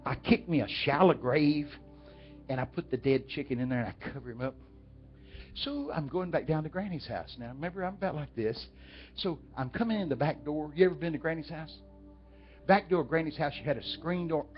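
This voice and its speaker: A man's voice: fairly high pitch, lively intonation, normal speed, lo-fi sound. Texan preacher guy, folksy, keeps asking the crowd stuff, faint music under him. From Texas. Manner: folksy, talks directly to the audience. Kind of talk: storytelling sermon.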